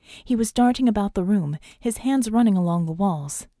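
A woman's voice: mid-range voice, lively intonation, moderate pace, mellow, no room sound, clean studio sound. Woman narrating an audiobook. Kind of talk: scripted narration.

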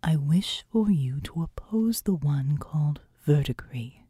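A serene female seraph, grave and gentle, speaking low and slow in a breathy half-whisper, as a woman puts her on in an audiobook. The tone is mellow and dry, close to the ear. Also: expressive, no room sound, heavily acted. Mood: solemn. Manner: hushed, slow, deliberate delivery. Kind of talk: audiobook reading.

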